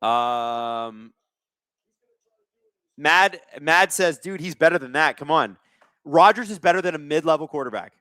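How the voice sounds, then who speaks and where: A man's voice: on the high side, lively intonation, unhurried, pauses often, sharp tone, smooth, no echo. A man hosting a casual live sports watch-along, reading chat aloud and joking sarcastically, with plenty of swearing. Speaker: livestream host.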